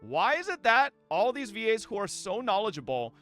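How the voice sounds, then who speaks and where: A man streaming live, commenting on clips and talking to his chat in a profane, animated way with frequent laughs. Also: sits high, normal speed, soft background music.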